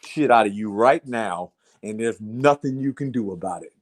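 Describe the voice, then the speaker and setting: A man's voice: on the low side, expressive, normal speed. A man casually telling a long story to friends in a blunt, profane way, repeating "I said" as he retells it. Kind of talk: casual chat.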